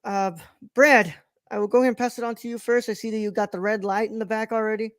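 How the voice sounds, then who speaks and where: A man's voice: sits high, little pitch movement, quick pace, fairly bright tone, no echo. A man hosting a casual film review podcast, rambling with many fillers and restarts, recorded close and dry. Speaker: podcast host.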